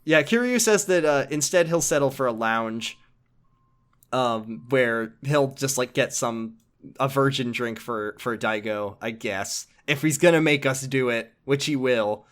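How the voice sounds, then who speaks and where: A male podcast host casually recapping a video game story at a mid-range pitch. He rambles and jumps in animation from one bit to the next, swearing freely and laughing mid-sentence. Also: measured pace, fairly bright tone.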